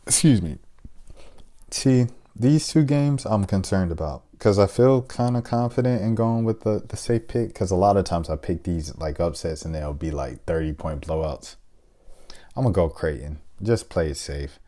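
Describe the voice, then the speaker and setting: A young man hosting a casual sports video, thinking out loud as he fills in a basketball bracket, with hesitant fillers and playful shout-outs. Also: sits low, normal speed. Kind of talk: casual bracket-picking chat.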